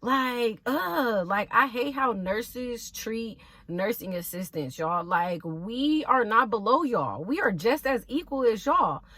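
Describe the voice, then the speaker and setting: Woman, nursing assistant, storytime vlog, blunt, sassy, fairly high voice. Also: lively intonation, slow pace, few pauses, fairly bright tone, dry recording. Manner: sassy, blunt, swears freely, talks to viewers as y'all.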